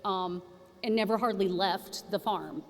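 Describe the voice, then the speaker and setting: A woman's voice: medium pitch, a little slow, a little hiss or hum. Folksy woman speaker in hall. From Oklahoma, USA. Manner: folksy, animated storytelling with acted-out quotes. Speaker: featured speaker. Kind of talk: storytelling presentation. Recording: reverberant hall.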